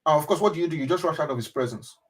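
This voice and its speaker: Pastor guy doing a webinar, earnest, says stuff over and over, goes soft and quiet a lot. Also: on the high side, very fast, breathy edge, rough recording. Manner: earnest, repetitive, mimics loud praying then drops to a soft intimate tone. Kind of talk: motivational webinar talk. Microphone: webinar microphone.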